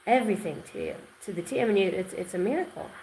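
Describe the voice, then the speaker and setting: A woman giving an intuitive tarot reading, rambling and excitable, repeating words and swearing now and then. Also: medium pitch, quick pace, slight background noise, poor audio. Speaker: tarot reader.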